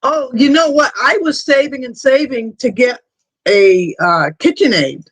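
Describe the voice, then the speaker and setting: A man's voice: very high-pitched, a little slow, a bit bright, no room sound. A man hosting a live stream, telling rambling personal stories in casual chat. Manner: rambling anecdotal storytelling. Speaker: stream host.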